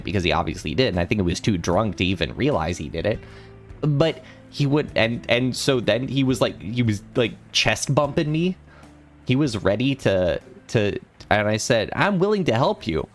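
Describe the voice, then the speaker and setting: A young man streaming, telling an anecdote in casual chat with a rambling, animated delivery. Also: fairly low pitch. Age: young adult. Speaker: streamer host.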